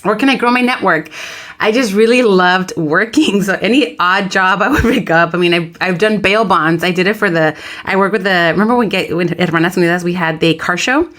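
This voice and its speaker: Lively woman telling a story. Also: on the low side, brisk. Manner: lively storyteller, animated quoted voices. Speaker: podcast co-host. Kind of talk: casual chat.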